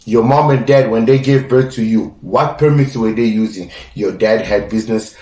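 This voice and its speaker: A man's voice: lowish voice, moderate pace, a little mellow. A young adult man hosting his own podcast, talking in an emphatic, lecturing way that repeats his points. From South Africa. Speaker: podcast host. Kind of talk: casual opinion podcast monologue. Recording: roomy sound from a distance.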